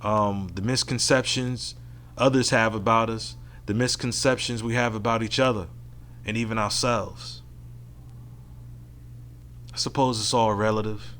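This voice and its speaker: A man's voice: fairly low pitch, steady tone, measured pace, long pauses, a bit bright, a little hiss or hum. Frank, profane man hosting a solo podcast. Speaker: podcast host. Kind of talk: casual solo podcast monologue.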